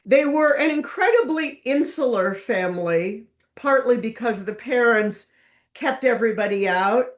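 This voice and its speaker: Slow, wry woman giving a slide lecture. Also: on the high side. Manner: lively, wry storytelling with emphatic stresses. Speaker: author giving a book talk.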